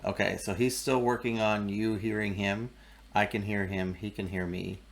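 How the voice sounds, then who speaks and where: A man hosts a live art stream in a lowish, creaky voice at normal speed. He chats casually and trades relaxed, joking banter with his cohost.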